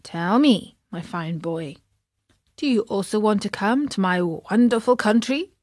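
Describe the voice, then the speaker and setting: A woman voicing a sly little fat coachman who coaxes the children in a low, soft, wheedling tone. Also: lively intonation, a little slow, no room sound, clean studio sound.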